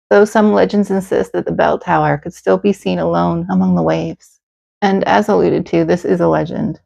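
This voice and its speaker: A woman's voice: fairly low pitch, creaky, darkish tone. A woman narrating a history legend with earnest, dramatic storytelling. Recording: slightly dull, faint music.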